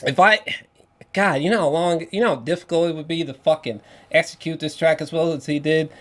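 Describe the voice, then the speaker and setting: A man casually reviewing an album on video, excitable and profane, laughing often and restarting his sentences. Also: a little high, a little fast.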